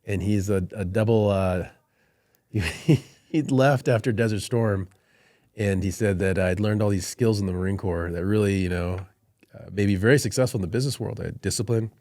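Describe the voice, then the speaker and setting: A middle-aged man with a slightly low voice tells military stories with animated energy, laughing as the punchlines land. He is recorded close on a dry, deadened podcast microphone. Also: normal speed, no room sound. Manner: animated storyteller, laughs through anecdotes. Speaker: Marine colonel guest. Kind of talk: storytelling in podcast conversation.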